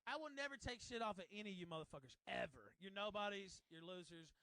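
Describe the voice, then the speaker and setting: A man ranting angrily on a stream, swearing hard and mocking others in shouted high voices. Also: lively intonation, fast, dry recording. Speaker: streamer in a played clip. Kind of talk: profane angry rant.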